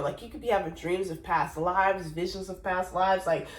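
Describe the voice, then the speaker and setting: A woman gives a casual tarot reading, talking in a loose, rambling way with fillers and sudden sung exclamations. Her voice sits a little back from the mic in a roomy, echoing space. Her pitch is middling for a woman. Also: normal speed, few pauses, distant mic. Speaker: tarot reader.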